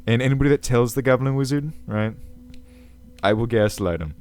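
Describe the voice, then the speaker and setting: A man's voice: mid-range voice, a little fast, a little mellow, lightly acted. A man voicing a self-important, ancient male goblin king who rambles, with a crackly voice, over faint background music. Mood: pompous. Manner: pompous, rambling, self-assured. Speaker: video host. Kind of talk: character comedy Q&A.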